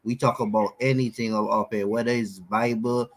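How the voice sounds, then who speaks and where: Low-voiced man talking blunt street slang. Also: level tone, normal speed, poor audio. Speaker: panelist. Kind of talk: casual call-in chat.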